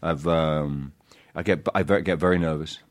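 A man talking as a guest in a casual interview, halting and self-deprecating, full of restarts and fillers. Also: rumbling low, steady tone. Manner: self-deprecating with bursts of laughter.

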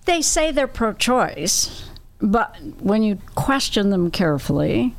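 Firm woman guest with a gravelly voice. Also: mid-range voice, big pitch swings, takes it slowly. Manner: firm, emphatic repetitions. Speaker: guest, activist. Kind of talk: interview conversation.

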